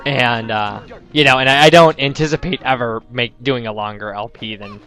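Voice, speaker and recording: A young American man casually commentates a let's play, rambling through personal stories in a chatty way. His mid-range voice sounds pushed and bright at a moderate pace, with faint music behind him.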